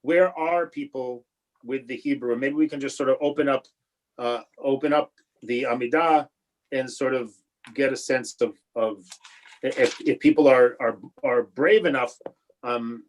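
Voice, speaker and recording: A man, a rabbi, teaching a Hebrew prayer class over a video call, talking in a halting way with many restarts and fillers, patient and encouraging. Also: mid-range voice, fairly even intonation, rough recording. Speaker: rabbi teaching a bar and bat mitzvah class.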